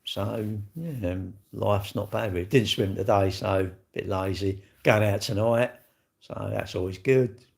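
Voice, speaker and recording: A man's voice: on the low side, unhurried, creaky. A middle-aged man talks straight to his livestream chat, cheeky and blunt. He swears without a second thought and teases his viewers in easy, chatty banter. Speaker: livestream host. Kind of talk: casual livestream chat reading viewer comments.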